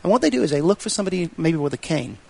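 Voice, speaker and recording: A man's voice: on the high side, very animated, creaky. A man explaining at length in a casual conversation, acting out bits of dialogue. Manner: brisk, explanatory, acts out dialogue. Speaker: guest describing events.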